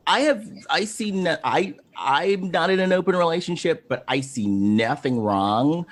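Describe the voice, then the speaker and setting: Man, podcast host, lively swooping pitch, emphatic, casual chat. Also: unhurried. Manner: emphatic, lively, frequent "right" backchannels.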